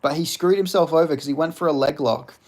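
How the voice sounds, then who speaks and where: A man's voice: on the high side, quick pace, a little mellow. A man casually chatting on a live stream, rambling and swearing while he answers chat questions. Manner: rambling, profane, reads chat aloud.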